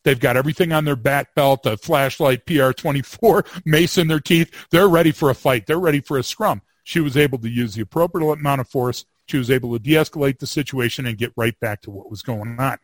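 A man recounts an old police chase in a relaxed, wry way, with an average-pitched voice. He stumbles and repeats words as he starts a thought, then rolls into punchy jokes. The sound is dry and close. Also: brisk, hardly any pauses, dry recording. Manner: animated storyteller, wry humor, repeats words when starting. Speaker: podcast co-host, former police field training officer. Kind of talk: casual storytelling chat.

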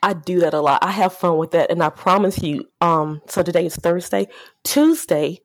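A woman's voice: fairly low pitch, lively intonation, normal speed, no echo, studio quality. A woman who runs an auto repair shop, a guest on a podcast, telling humorous customer stories and acting out the dialogue. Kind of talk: casual podcast conversation.

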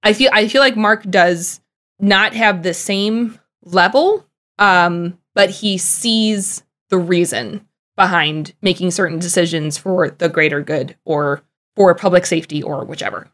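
A young woman co-hosting a casual podcast about a TV show, chatty and full of "like" fillers, with animated bursts. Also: lowish voice, a little slow. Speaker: podcast co-host.

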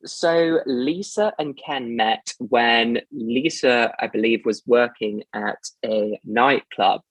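A man with a posh English accent chatting casually, speaking in a measured, hedging way. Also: mid-range voice, fairly bright tone, no room sound, low-quality recording. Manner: measured, hedging with "sort of" and "as such". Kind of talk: casual chat.

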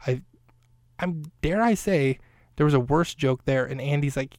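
A man's voice: medium pitch, moderate pace, darkish tone, no room sound, clean studio sound. A man hosting his own podcast, recapping an episode on his own in a casual, rambling way with self-deprecating jokes and asides. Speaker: podcast host.

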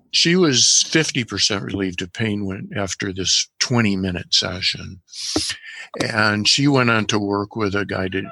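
A man talking as a podcast guest, calmly recounting a patient's case history from his healing work. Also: on the low side, creaky, breathy edge, dry recording. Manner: calm, measured storytelling with quoted dialogue. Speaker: guest practitioner of guided imagery.

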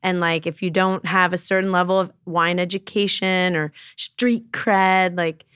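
Smooth-voiced woman hosting a chatty podcast. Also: fairly low pitch, measured pace, dry recording, clean studio sound. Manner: relaxed, chatty, frank with casual swearing. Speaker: podcast host. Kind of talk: casual podcast conversation.

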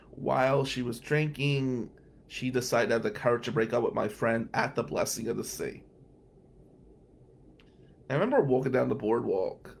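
A man from New Jersey hosting a radio talk show, telling a personal story in an animated way and laughing at his own tale. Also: medium pitch, creaky, breathy edge.

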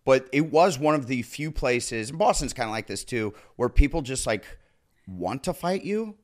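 Man in his thirties, slight Nebraska twang, a casual comic storyteller whose pitch swings widely. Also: normal speed. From Nebraska, USA. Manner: animated, jumps into loud high character voices. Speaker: guest comedian.

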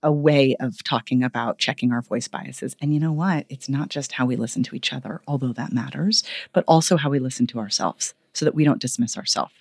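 A woman vocal coach giving expressive feedback on voices in a podcast conversation. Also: very deep voice, a little fast, gravelly, hardly any pauses, dry recording, studio quality. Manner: expressive, demonstrates vocal points.

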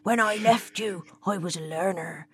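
A woman voiceover artist putting on a menacing male sci-fi villain in a husky voice, with slow, drawn-out delivery. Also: mid-range voice, close to an everyday voice. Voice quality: husky put-on voice. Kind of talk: playful film-villain impression.

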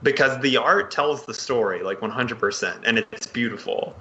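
A man co-hosting a casual podcast discussion, halting and enthusiastic with many fillers and restarts. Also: medium pitch, pushed and bright, muffled recording, a little hiss or hum. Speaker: podcast co-host.

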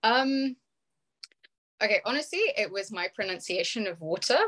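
A woman's voice: mid-range voice, moderate pace, a bit bright. A young British woman, a podcast guest, chatting casually and telling stories with frequent laughs. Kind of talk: casual interview chat.

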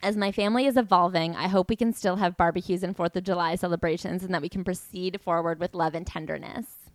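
A woman's voice: lowish voice, fairly even intonation, quick pace, no room sound. A woman co-hosting a podcast in casual chat, wry and dry, often reading book passages aloud. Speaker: podcast co-host.

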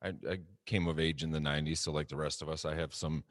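A man's voice: a bass voice, flat delivery, fast talker, no room sound, clean studio sound. A man in his forties, co-hosting a casual discussion in a thoughtful, rambling way.

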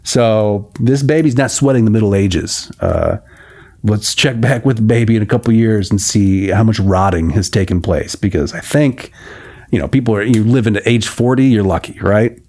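A man's voice: on the low side, sing-song, moderate pace, dark tone. A man reading an old novel aloud and breaking off for wry, joking asides. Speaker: reader and commentator.

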